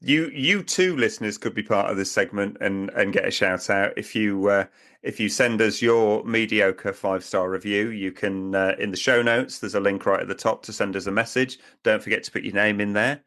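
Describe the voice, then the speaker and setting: A man's voice: on the low side, normal speed, fairly bright tone. A man co-hosting a podcast, talking in a rambling, chatty way and laughing often. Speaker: podcast co-host. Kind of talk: casual chat.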